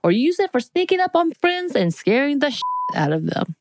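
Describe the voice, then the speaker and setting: A woman's voice: sits high, very animated, brisk, background noise. A woman co-hosting a podcast in casual chat, playfully joking as she reads quiz questions aloud. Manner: playful, jokey, reads out lists. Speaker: podcast co-host.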